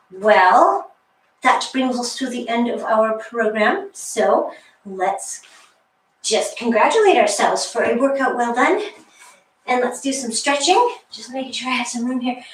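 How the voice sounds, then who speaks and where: Woman fitness instructor, upbeat cueing, a bit breathless, a little high, miked from across the room. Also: distant mic. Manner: encouraging, counts down, light laughs. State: slightly out of breath. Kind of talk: guided workout instruction. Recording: echoey room, voice off-mic, faint hiss.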